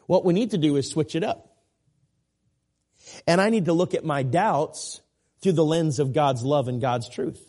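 A man in his forties delivering a sermon, his voice pitched a little high yet warm and mellow. He presses his points with earnest repetition and slips in folksy, self-deprecating asides. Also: animated, moderate pace. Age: 40s. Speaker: guest preacher.

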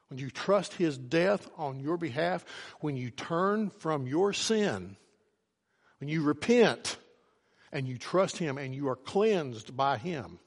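A man preaching a sermon, with emphatic delivery that climbs to loud, urgent questions. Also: mid-range voice. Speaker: pastor. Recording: long hall reverb.

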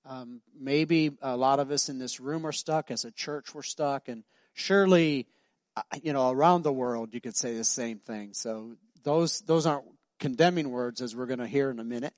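A middle-aged pastor with a medium-pitched, darkish voice preaches at a moderate pace in a church sanctuary, with no echo. He tells his stories conversationally, giving voice to the people in them.

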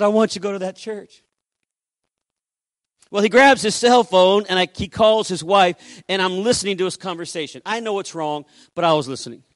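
A man preaching, his voice pitched high and heard dry and close. He tells a story from the pulpit and slips into the voices of the people in it. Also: fairly bright tone, dry recording. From Puerto Rico. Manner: acts out dialogue with shifting voices. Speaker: pastor. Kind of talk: sermon storytelling.

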